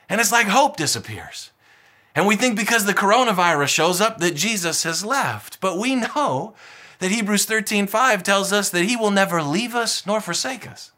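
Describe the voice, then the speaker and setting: Male preacher, high bright tone, forceful sermon delivery with lots of repetition. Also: moderate pace. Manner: emphatic, repetitive, rousing. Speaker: pastor.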